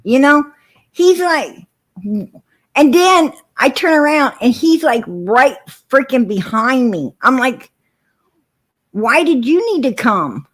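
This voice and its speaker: Slow-talking blunt woman streamer. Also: high-pitched, big pitch swings. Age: adult with four kids. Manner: blunt, profane storytelling. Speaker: livestream host. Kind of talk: casual livestream talk.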